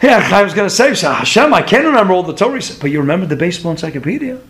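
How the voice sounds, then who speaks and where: A man's voice: sits high, sing-song, very fast, fairly bright tone. A man teaching a Torah class, telling stories, asking his listeners rhetorical questions and chuckling through his digressions. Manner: asks the audience rhetorical questions.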